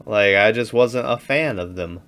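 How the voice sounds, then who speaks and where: A young man co-hosts a casual movie podcast, recapping scenes in an easygoing way. His voice has a bright, forward tone, and he often breaks into laughter. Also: fairly low pitch, unhurried. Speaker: podcast co-host. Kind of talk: casual movie review chat.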